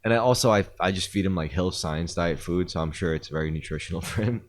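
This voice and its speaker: A podcast host with a low voice talks quickly, retelling a story in rambling, casual chat packed with fillers and swearing. A little hiss or hum sits in the recording.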